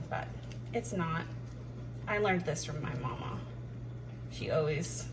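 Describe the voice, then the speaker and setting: A woman chatting casually while she cooks at home, self-deprecating and thinking out loud as she works. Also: mid-range voice, noisy background. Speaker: homeschooling mom cooking on camera. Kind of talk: casual cooking chat. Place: home kitchen. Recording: distant mic with clattering dishes behind.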